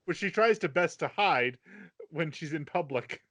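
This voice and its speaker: A man's voice: a little high, animated, a little slow, a bit bright. A man on a casual podcast explaining anime plot points and adding details to his co-host's recap. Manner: explanatory, adds details and corrections to his co-host. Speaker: podcast co-host.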